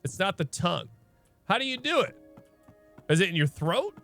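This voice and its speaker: A male streamer talks casually over his gameplay, thinking aloud and asking question after question. His voice is high and bright. His pitch swings widely as he talks, with soft game music underneath. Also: sing-song, moderate pace, vocal fry. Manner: chatty, thinks aloud, asks many questions. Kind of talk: casual let's-play commentary.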